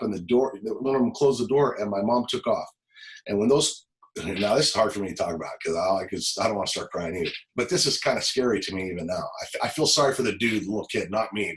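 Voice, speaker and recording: A man in his forties, a former police officer, telling a personal story as a podcast guest, halting and emotional, often repeating words. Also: lowish voice, a bit bright, poor audio. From Los Angeles. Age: 40s.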